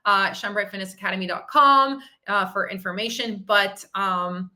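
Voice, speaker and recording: A woman's voice: medium pitch, moderate pace, pushed and bright. A woman fitness and mindset coach hosting a live podcast session, chatty and upbeat, talking to viewers and reading their comments. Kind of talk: live-streamed motivational talk.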